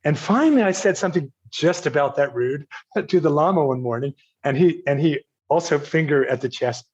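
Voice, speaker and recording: A man's voice: on the high side, lively intonation, normal speed, darkish tone, husky. An older man from Virginia, a podcast guest, tells a self-mocking story in a casual interview and laughs at himself as he quotes others. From Virginia, United States. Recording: slightly dull, lo-fi audio.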